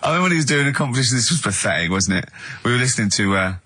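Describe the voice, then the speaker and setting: A man's voice: mid-range voice, expressive, rapid-fire, sharp tone, breathy edge. A man hosting a radio comedy show from a studio, rambling, giggling and slipping into silly voices. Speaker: radio host. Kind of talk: comic radio banter.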